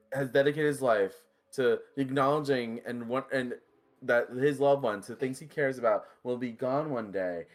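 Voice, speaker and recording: A man playing a character in a tabletop game, describing his character's actions and speaking lines in character, laughing often. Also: medium pitch. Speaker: player.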